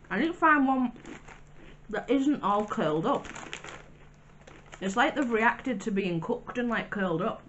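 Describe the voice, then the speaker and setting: A woman in a casual vlog, reviewing sweets and crisps in a chatty, wry way with little asides. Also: medium pitch, a bit bright, a little hiss or hum. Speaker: vlogger.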